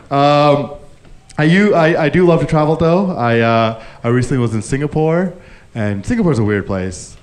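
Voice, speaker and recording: A man's voice: a little high, lively intonation, a little slow. A man from Canada performing a stand-up comedy set on a club stage into a handheld mic, laughing at his own jokes and swearing freely.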